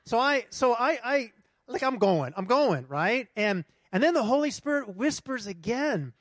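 High-voiced animated man preaching. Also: unhurried, no echo, clean studio sound. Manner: animated storytelling, talks to the congregation. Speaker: pastor. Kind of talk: sermon with personal story. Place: church hall with congregation.

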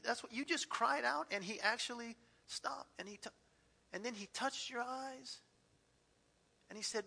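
A man preaching a sermon, animated, swinging between loud outbursts and hushed asides. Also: very high voice, unhurried, creaky, husky. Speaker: pastor. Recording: echoey hall.

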